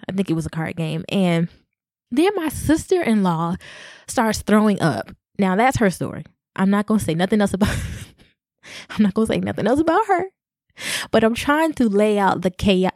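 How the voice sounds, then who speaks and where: Young woman podcaster, lower-pitched voice, dry close mic, chatty storyteller who laughs a lot. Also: dry recording. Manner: animated, laughing often, addresses listeners as y'all. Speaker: podcast host. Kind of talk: casual storytelling.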